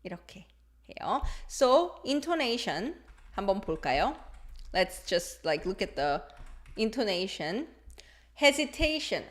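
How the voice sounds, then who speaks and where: A woman's voice: mid-range voice, very animated, fairly quick. A woman whose first language is Korean, teaching a live online language lesson, switching between English and Korean, playful, reading out viewer comments.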